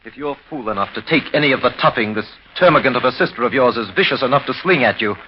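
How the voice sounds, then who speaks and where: An actor playing a blunt, protective husband who speaks brusquely, in a 1930s radio drama. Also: male voice, medium pitch, expressive, fast talker, slight background noise, natural voice. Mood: stern. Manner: brusque and emphatic. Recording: dull lo-fi 1930s radio recording.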